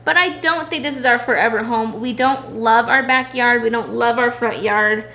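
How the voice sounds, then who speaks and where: A woman's voice: fairly high pitch, moderate pace, pushed and bright. A pregnant woman chatting casually at home, answering viewer questions in a rambling way full of "like"s. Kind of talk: casual Q&A chat.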